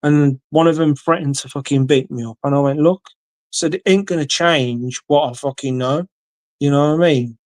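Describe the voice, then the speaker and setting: A man's voice: on the high side, moderate pace, a little mellow, dry recording. An English man telling a long story in casual chat, swearing freely and acting out what people said. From England. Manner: swears freely, acts out quoted dialogue. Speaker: guest.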